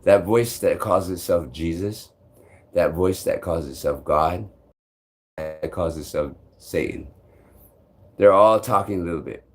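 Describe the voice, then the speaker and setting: A man vlogging on a live stream. He rambles restlessly and swears often, jumping between loud outbursts and low mutters. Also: unhurried, long pauses, a little hiss or hum.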